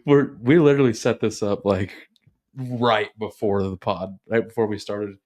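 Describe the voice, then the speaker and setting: Male podcast co-host, lowish voice, easygoing and self-mocking. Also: fairly even intonation, normal speed, darkish tone. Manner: easygoing, laughs often, self-deprecating. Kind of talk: casual chat. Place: small home studio room.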